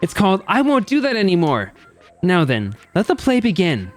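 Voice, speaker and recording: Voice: mid-range voice, huge pitch swings, normal speed, soft background music, pitched above the performer's own voice. A streamer voicing a gleeful, sadistic game-show host in a game, with mocking showman patter. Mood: showy. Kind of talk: reading game dialogue aloud.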